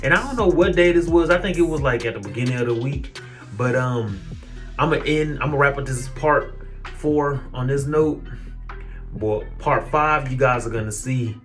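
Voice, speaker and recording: Animated young man telling a story. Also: medium pitch, normal speed, faint music behind. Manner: animated, mimics coworkers in a raised voice. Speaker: storytime vlogger. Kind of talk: casual storytelling to camera.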